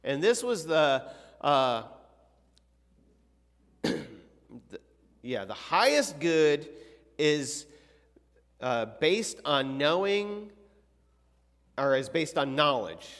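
A man's voice: on the high side, big pitch swings, extremely slow, long pauses, a bit bright. Man teaching a youth Bible class in a reverberant hall. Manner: conversational, asks the class questions, clears throat often. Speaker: youth Sunday school teacher. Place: church classroom.

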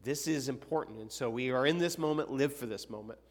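A man's voice: medium pitch, a little fast. Man teaching a youth Bible class in a reverberant hall. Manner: conversational, asks the class questions, clears throat often. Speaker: youth Sunday school teacher. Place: church classroom.

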